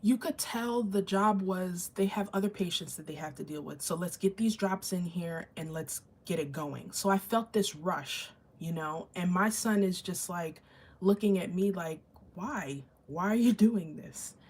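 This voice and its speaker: A woman's voice: fairly low pitch, normal speed, darkish tone, breathy edge. A woman vlogger and mother telling an emotional personal story to camera, earnest and candid, in a chatty way full of fillers. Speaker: vlogger and mother of an autistic child.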